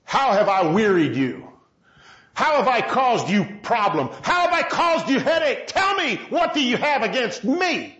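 God, pleading and questioning like a patient father, as a preacher puts him on. The voice is high and swings widely, with rising shouts. It sounds roomy and a little dull. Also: sing-song, measured pace, exaggerated voice.

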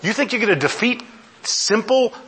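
A man's voice: sits high, expressive, normal speed, fairly bright tone. A middle-aged man preaching a sermon, emphatic, firing off mocking rhetorical questions and laughing often. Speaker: pastor.

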